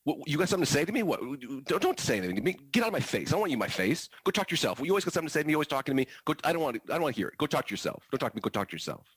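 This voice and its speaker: A man's voice: on the high side, big pitch swings, very fast, hardly any pauses, breathy edge, dry recording, pitched above the performer's own voice, heavily acted. Defiant teenage boy student, angry and stammering, put on by a man telling a story. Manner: shouting back defensively, stammering.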